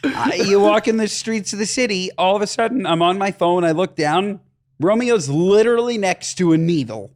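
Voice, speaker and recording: A man co-hosting a comedy podcast with a fairly high voice. He rants in exasperated comic bursts, all mock outrage and punchlines. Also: moderate pace. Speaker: podcast co-host. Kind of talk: comedic casual podcast chat.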